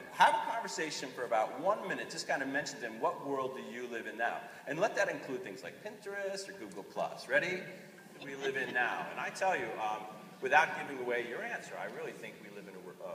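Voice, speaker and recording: A man in his forties giving a conference talk, joking with the audience and drawing them in. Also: medium pitch. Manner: animated, jokey, engages the audience. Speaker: conference presenter. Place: conference hall. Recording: echoey hall, voice from far off, faint ambience.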